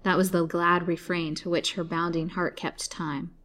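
A woman storyteller reading an old serialized novel aloud in a measured, dramatic way. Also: on the low side, flat delivery, a bit bright. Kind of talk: scripted narration of a serialized novel.

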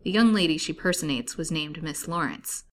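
This is a cold, businesslike male doctor in a storybook reading, as a woman narrator puts him on. He gives his instructions abruptly, in a fairly low voice. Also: expressive, normal speed. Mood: brisk. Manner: abrupt, clinical. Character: stern male asylum doctor, brisk and cool.

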